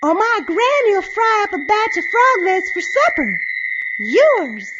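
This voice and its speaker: A woman's voice: very animated, takes it slowly, dull audio, very noisy, heavily acted. Woman doing a plucky tiny schoolgirl. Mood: defiant. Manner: high, loud and defiant.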